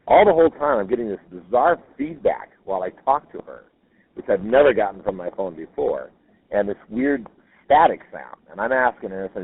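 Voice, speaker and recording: A man's voice: lowish voice, very animated, fairly quick, creaky, husky. A man telling a listener's ghost story in a rambling, casual way, with many fillers and self-corrections. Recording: tinny phone-line audio.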